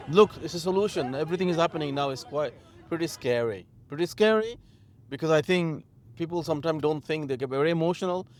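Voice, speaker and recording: A man's voice: fairly high pitch, a little hiss or hum. A man from Bangladesh, a political commentator, speaking outdoors in a heated, emphatic monologue full of rhetorical questions. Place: outdoors in a city.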